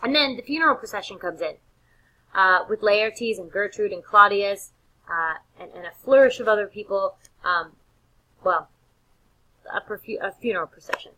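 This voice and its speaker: A woman teacher lectures casually, retelling the story in an animated, slangy way with frequent fillers and restarts. Her voice is bright and forceful, with a slightly tense edge. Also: medium pitch, normal speed, rough recording.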